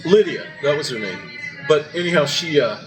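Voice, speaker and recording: A man's voice: fairly high pitch, expressive, moderate pace, low-quality recording. An older man hosting a casual breakfast chat, telling meandering stories full of fillers and restarts in a restaurant. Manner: rambling storyteller with many fillers and restarts. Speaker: podcast host. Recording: background music.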